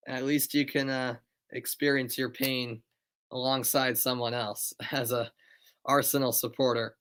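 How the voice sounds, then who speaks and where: A man's voice: medium pitch, little pitch movement, measured pace, a bit bright, clean tone. A tired young man doing live amateur play-by-play of a football match, chatting with viewers between calls. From United States. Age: young adult. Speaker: play-by-play commentator.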